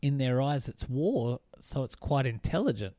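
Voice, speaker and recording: A man's voice: mid-range voice, lively intonation, normal speed, warm tone, no room sound. Chatty man, dry close sound. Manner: chatty and enthusiastic, many fillers. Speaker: podcast co-host. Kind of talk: casual film discussion.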